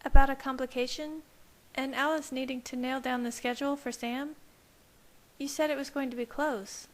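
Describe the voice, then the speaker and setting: A woman's voice: high voice, steady tone, normal speed, voice pushed up, close to an everyday voice, low-quality recording. A woman reader voicing a curious young woman who presses with questions in a fan-fiction audiobook.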